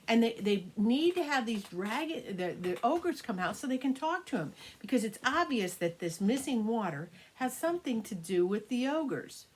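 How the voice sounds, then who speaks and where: An older woman, a grandmother, improvising a children's story, animated and sometimes dropping to hushed whispers. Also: fairly high pitch, normal speed, hardly any pauses, husky.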